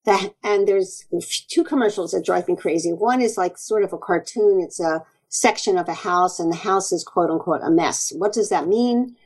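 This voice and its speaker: A woman naturopathic doctor speaking as an interview guest, earnest and animated, often acting out quoted exchanges. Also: fairly low pitch, moderate pace, few pauses, slightly rough, poor audio. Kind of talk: conversational interview.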